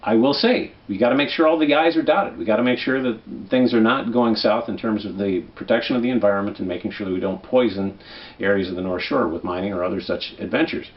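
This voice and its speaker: A man's voice: lowish voice, fast talker. Minnesota guy doing a jokey election rundown, chatty and persuasive, keeps asking right?, muffled-ish audio. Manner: conversational, persuasive, checks in with "right?". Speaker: political commentary host. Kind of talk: comic election guide monologue.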